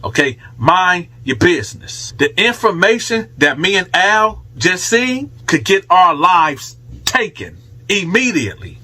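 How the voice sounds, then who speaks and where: A man telling a story in a casual storytime style, animated and slangy. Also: high-pitched, a little slow.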